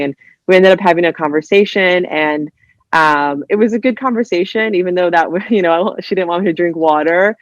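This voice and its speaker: A woman from New Jersey, a writer guesting on a podcast, telling stories in a casual, animated way, full of "like" and "you know," and acting out other people's voices. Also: fairly low pitch, moderate pace, no room sound, lo-fi sound. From New Jersey, USA. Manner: heavy use of "like" and "you know". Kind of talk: casual interview storytelling.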